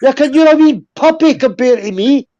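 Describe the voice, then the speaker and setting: A man's voice: very high-pitched, animated, normal speed, dark tone. A Scottish man in his fifties, hot-tempered and blunt, swearing heavily in casual heated chat. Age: 50s. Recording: dull lo-fi stream audio.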